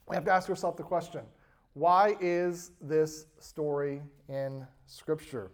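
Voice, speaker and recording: A man preaching a sermon, reading scripture aloud and stressing key words before letting phrases trail off softly. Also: a little high, steady tone. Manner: slow, emphatic preaching with soft trailing endings. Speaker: pastor.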